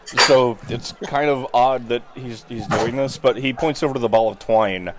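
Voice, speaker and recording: A man narrating as game master of a tabletop game, in a relaxed and searching way full of ums. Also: mid-range voice, normal speed.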